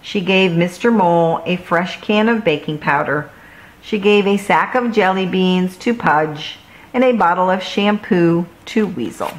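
Woman, children's story reader, slow, expressive, lowish voice. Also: a little hiss or hum, poor audio. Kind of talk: storybook read-aloud.

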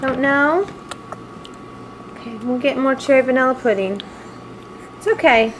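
A woman's voice: sits high, unhurried, slight background noise, poor audio. A woman filming her babies at home on a handheld camcorder, playful and cooing, laughing often as she talks to them. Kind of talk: home video chat. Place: at home indoors.

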